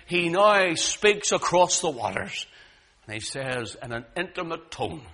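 A man preaching a sermon, swinging dramatically between booming lines and hushed ones. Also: big pitch swings, unhurried.

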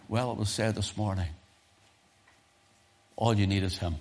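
A man's voice: expressive, a little slow, pauses often. Man preaching with emphatic swings. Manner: preaching with swings between loud emphasis and soft, low asides; repeats phrases and restarts often. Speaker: pastor. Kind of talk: sermon. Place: church service.

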